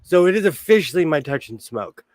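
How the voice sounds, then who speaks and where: Upbeat high-voiced man chatting on a livestream. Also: very animated, fairly quick, darkish tone, no echo. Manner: chatty, jokey, laughs often while greeting viewers. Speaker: sewing livestream host. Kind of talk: casual livestream chat.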